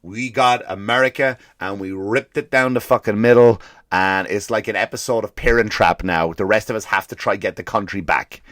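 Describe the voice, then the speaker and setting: A male comedian and podcast host ranting in a profane, animated way, slipping into mock voices for the people he quotes. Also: on the low side, moderate pace, no room sound, studio quality. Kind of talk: comedic rant.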